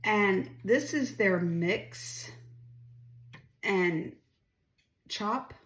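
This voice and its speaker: A woman's voice: medium pitch, extremely slow, reverberant. A middle-aged woman chatting casually while she cooks, rambling and asking viewers questions. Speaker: home cooking vlogger. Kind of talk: casual chatty cooking vlog. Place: home kitchen.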